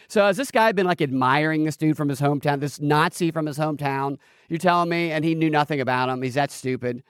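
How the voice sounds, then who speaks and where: A man's voice: on the high side, dry recording, studio quality. A man hosting a political podcast, reading news aloud and adding sarcastic, incredulous commentary with laughing asides. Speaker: podcast host.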